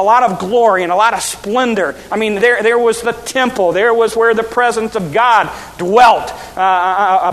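A man with a high voice preaches an earnest sermon from a church pulpit. He often stumbles and repeats words as he goes. His voice rings with the long echo of a large hall. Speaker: pastor.

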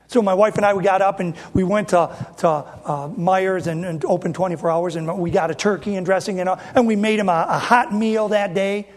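A pastor in his fifties with a high-pitched voice delivers a sermon to his congregation. His style is folksy and emphatic, and he keeps coming back to the same rhetorical question.

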